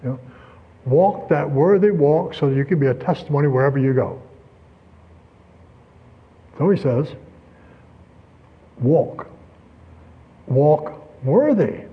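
A man preaching a sermon, telling a story and asking rhetorical questions with lively emphasis. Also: fairly high pitch, normal speed, pauses often, husky, dull audio.

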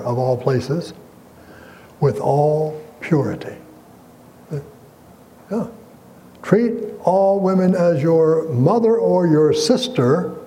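A man's voice: mid-range voice, dark tone, a little hiss or hum, low-quality recording. A man preaching a sermon as pastor, earnest and emphatic, quoting scripture and asking the congregation questions.

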